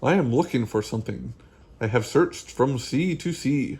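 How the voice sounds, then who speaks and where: A man doing a loud, bouncy bean musician. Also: expressive, moderate pace, slightly rough. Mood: earnest. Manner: shouty, bouncy and high. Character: loud, cheerful, mishearing male bean musician.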